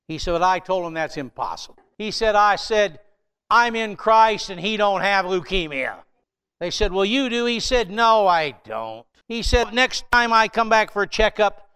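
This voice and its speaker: Older American male pastor, 70s, smooth clear voice, conversational sermon delivery. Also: high voice, pushed and bright. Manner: storytelling preacher, conversational with emphatic rises.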